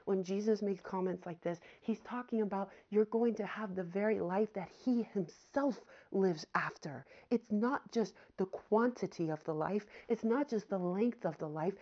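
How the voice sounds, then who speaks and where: A woman preaching a sermon with fervour, addressing her listeners as friends and having them repeat phrases after her. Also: medium pitch. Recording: slightly dull, lo-fi audio.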